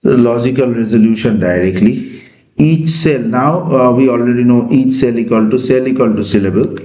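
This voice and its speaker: A man teaching a lesson, talking with many pauses and fillers. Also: medium pitch, a little mellow. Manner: slow, hesitant, many fillers. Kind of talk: classroom lecture. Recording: echoey room.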